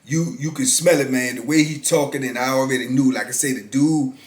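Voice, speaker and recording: A man in his fifties with a medium-pitched voice casually recounts a story from his past, laid-back and drawn out, frequently slipping "man" into his sentences. The recording has a roomy echo.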